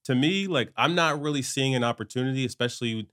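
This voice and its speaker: A man hosting a podcast interview, asking relaxed, conversational questions. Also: mid-range voice, fast. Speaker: podcast host. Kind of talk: casual interview chat.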